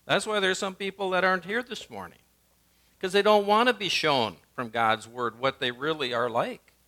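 A male pastor, preaching a sermon and swinging from emphatic lines to hushed ones. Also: on the high side, moderate pace.

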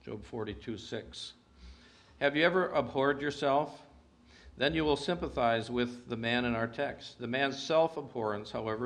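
A man preaching a sermon in an earnest manner, reading scripture aloud with emphatic rises and hushed drops. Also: mid-range voice.

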